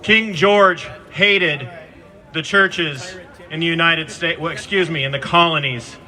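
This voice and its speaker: A man giving an impassioned protest speech outdoors into a handheld microphone, fervent and at times shouting. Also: a little high, a little slow. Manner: fervent, addresses the governor directly, rises to shouts. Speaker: protest speaker.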